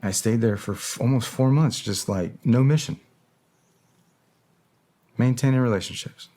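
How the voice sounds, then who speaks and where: A middle-aged man as an interview guest, talking candidly and reflectively, often pausing to search for words. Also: medium pitch, warm tone. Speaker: interview guest, former special operator. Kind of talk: candid long-form interview talk.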